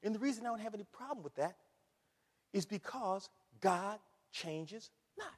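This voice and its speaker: A man with a high voice delivers a sermon from a church pulpit. He preaches emphatically, stacking repeated words and rhetorical questions. His voice rings with a long reverb through the sanctuary. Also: lively intonation, moderate pace. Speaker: pastor.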